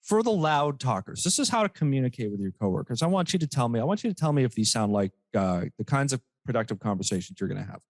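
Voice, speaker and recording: A man co-hosting a comedy podcast, loose and jokey, his pitch bouncing all over as he mocks the advice he reads out. The sound is close and dry, with no room around it. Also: very animated, fast, few pauses, dry recording. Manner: jokey, reads quotes aloud mockingly, laughs often. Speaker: podcast co-host. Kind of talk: casual comedy chat.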